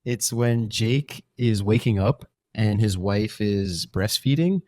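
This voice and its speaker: A man co-hosting a casual film review podcast, joking and animated with casual profanity. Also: fairly low pitch, slow, no room sound, clean studio sound. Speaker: podcast co-host.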